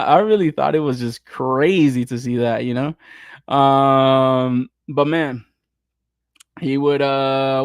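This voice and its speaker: Young male host, loose and swearing, laughs through his rants; mid pitch, dry sound. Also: no echo. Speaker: podcast host. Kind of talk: casual chat.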